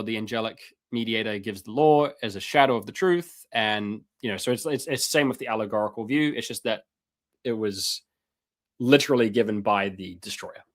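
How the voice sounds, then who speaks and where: A man giving a live-stream lecture in an impassioned, sarcastic way, with many fillers and restarts. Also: on the low side.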